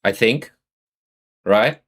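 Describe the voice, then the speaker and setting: A man's voice: fairly low pitch, drawn-out words, fairly bright tone. A man with an Australian accent chatting casually on a live stream, greeting and answering his viewers.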